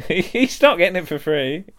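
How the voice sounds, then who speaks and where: A man's voice: on the high side, sing-song, a little slow. A man co-hosting a podcast in casual chat, teasing his co-host and laughing often.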